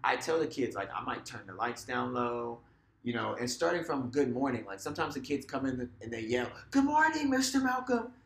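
A man who works as a teacher talks casually on a podcast, leaning on "like" and "you know" as he goes. His voice sits in a middle pitch, and the room around him rings with echo. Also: a little fast. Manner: relaxed, filler-heavy, acts out classroom voices. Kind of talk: casual conversational chat.

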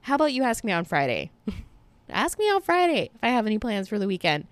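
A young woman hosting a podcast, telling stories in a chatty, animated way with sarcastic asides. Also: medium pitch, quick pace, no echo. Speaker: podcast host. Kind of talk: casual storytelling monologue.

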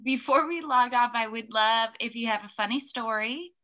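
Bright-voiced young woman host. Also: a little high, normal speed. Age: young adult. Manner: easygoing, chatty, laughs readily. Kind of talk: casual interview chat.

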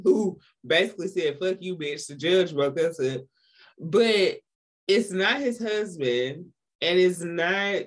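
A podcast co-host in casual chat with a stuffy nose, expressive and profane, laughing often and acting out quotes. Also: mid-range voice. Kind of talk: casual chat recapping a TV series.

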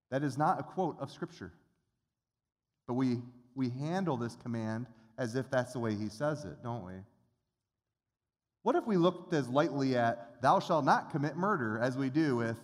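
A man's voice: medium pitch, expressive, normal speed. A middle-aged man pastor preaching a sermon in an earnest, conversational way, often restarting his phrases. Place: church sanctuary. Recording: long reverb of a church hall.

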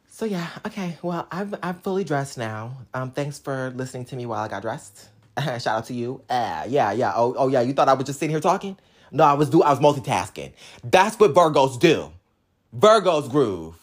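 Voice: medium pitch, lively intonation, moderate pace. A vlogger in casual, sassy chat to camera, rambling and teasing the audience, with bits of singing. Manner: breaks into snatches of song.

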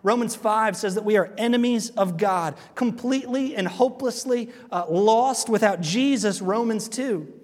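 Male pastor with a high voice, earnest sermon delivery full of questions to the congregation, recorded in a church hall with a long echo. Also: moderate pace, hardly any pauses, darkish tone. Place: church sanctuary.

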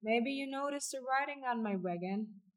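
A woman's voice: sits high, normal speed, far from the mic, pitched above the performer's own voice, lightly acted. A woman reading aloud, voicing a persistent traveling tinker man with a folksy, coaxing way of talking.

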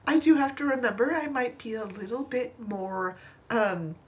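A woman's voice: on the high side, moderate pace. A woman co-hosting a podcast in casual chat, playful and teasing, laughing often. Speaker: podcast co-host.

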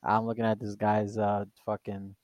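A man's voice: on the low side, flat delivery, normal speed, darkish tone, dry recording, lo-fi sound. A man co-hosting a casual podcast, telling a story emphatically, repeating himself and swearing. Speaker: podcast co-host.

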